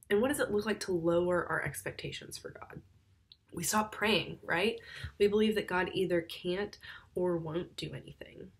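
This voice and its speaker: A woman giving a conversational youth sermon, with wry, sarcastic asides. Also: mid-range voice.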